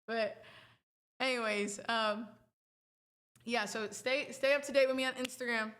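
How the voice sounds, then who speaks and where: A woman's voice: a little high, fairly even intonation, measured pace, pauses often, a bit bright. A woman hosting a livestream, talking casually to her viewers in a rambling, playful, chatty way. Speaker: livestream host.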